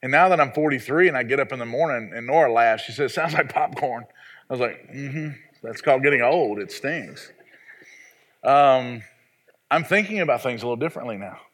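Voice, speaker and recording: Southern pastor guy in his 40s preaching, folksy and joking at himself, keeps restarting, middle pitch. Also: animated, fast talker, fairly bright tone. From American South. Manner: folksy, self-deprecating storytelling with repeated restarts. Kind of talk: sermon.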